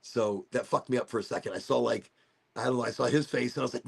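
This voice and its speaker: A man's voice: mid-range voice, quick pace, creaky, breathy edge. A man hosting a casual livestream chat, rambling from topic to topic and losing his thread. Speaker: host of a livestream talk show.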